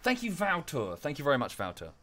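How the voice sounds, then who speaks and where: A man's voice: fairly high pitch, huge pitch swings, brisk, a bit bright. A man streaming live, chatting casually in a rambling way with many fillers and restarts, thanking viewers in chat as he goes.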